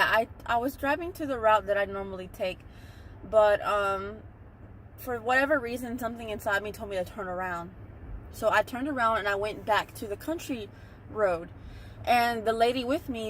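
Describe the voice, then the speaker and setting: A woman's voice: mid-range voice, fairly bright tone, a little hiss or hum. A young woman talking casually to viewers in a rambling storytelling vlog, recorded on a phone in a car. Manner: chatty, rambling, talks straight to viewers. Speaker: vlogger. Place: in a parked car.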